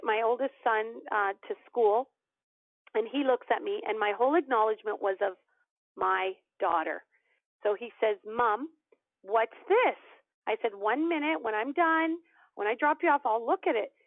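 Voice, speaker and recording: A woman guest telling a personal story in an animated way, acting out the voices of the people in it. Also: mid-range voice, vocal fry, no echo. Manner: animated storyteller, acts out quoted dialogue. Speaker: podcast guest. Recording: tinny phone-line audio, dry.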